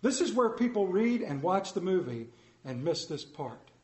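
A man preaching a storytelling sermon, animated and playful, acting out voices in his anecdotes. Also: high voice, normal speed. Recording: echoey room.

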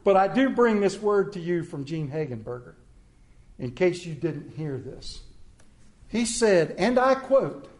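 Animated male pastor in an echoey church. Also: sits high, a little slow. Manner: animated, swinging between loud emphasis and quiet asides; joking with the congregation. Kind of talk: sermon. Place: church sanctuary.

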